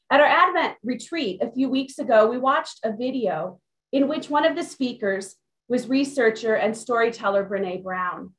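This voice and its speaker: A woman pastor preaching a sermon, slow and deliberate, with emphatic pauses. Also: fairly high pitch, animated, poor audio.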